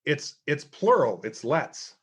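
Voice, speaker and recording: Middle-aged guy, kinda high voice, tells stories and does the voices of people he quotes. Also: slow pace, breathy edge. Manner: animated storyteller acting out quoted voices. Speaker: guest, author and speaker. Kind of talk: storytelling interview chat.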